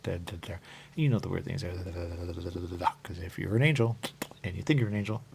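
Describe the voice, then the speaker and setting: A man's voice: deep voice, moderate pace, vocal fry, noisy background. A man hosting a talk show in a rambling, repetitive monologue, looping back on the same phrases and drifting into sing-song murmurs. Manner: rambling and repetitive, keeps saying "there you go". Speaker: radio show host.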